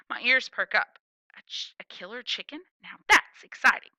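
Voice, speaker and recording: A woman narrating a children's story in the first person, playful and expressive. Her very bright voice is crisp and rises and falls freely, and the sound is dry and close. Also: fairly high pitch, moderate pace, dry recording, rough recording. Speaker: audiobook reader.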